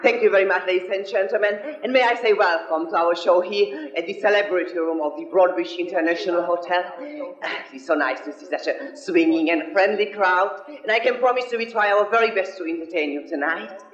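French-accented male drag host, high voice, playful banter; muffled, roomy 1970s stage tape. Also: brisk, a bit bright. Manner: playful, camp, chatty, laughs at own jokes. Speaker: cabaret show host. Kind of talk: stage compering with jokes. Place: hotel cabaret room, live audience. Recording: echoey, dull 1970s live stage recording.

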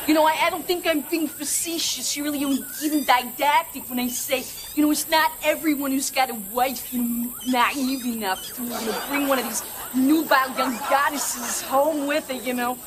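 A woman playing a rambling, neurotic middle-aged man in a comedy sketch, stammering and filling every pause with nervous filler. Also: high voice, lightly acted. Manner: stammering, endless filler, nebbish. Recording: noisy old TV broadcast.

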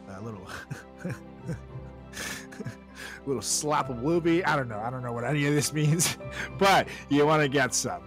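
A man's voice: medium pitch, normal speed, pauses often, over music. A man hosting a podcast in a casual chat, playful and joking, laughing often. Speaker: podcast co-host.

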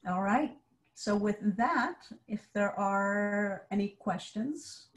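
Woman, Hebrew teacher in a video lecture, unhurried and clear. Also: medium pitch, expressive. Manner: patient, explains step by step. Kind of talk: online class lecture.

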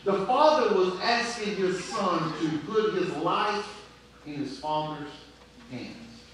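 A middle-aged man preaching a sermon in a church, telling a story and then praying, with frequent pauses. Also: high-pitched, expressive, fairly bright tone, slight background noise. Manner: storytelling preacher, pauses often, prays aloud. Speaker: pastor. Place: church sanctuary. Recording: very echoey church hall from far off.

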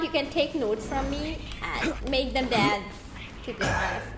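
A young woman streaming a game, chatting casually with playful, teasing, excitable exclamations. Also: high voice, reverberant, a little hiss or hum, low-quality recording. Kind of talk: casual gameplay commentary.

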